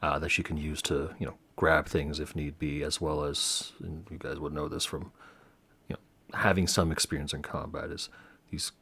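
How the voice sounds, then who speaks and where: A man's voice: a bass voice, flat delivery, normal speed, pushed and bright, breathy edge. A man narrating as game master of a tabletop game, rambling with many fillers and restarts.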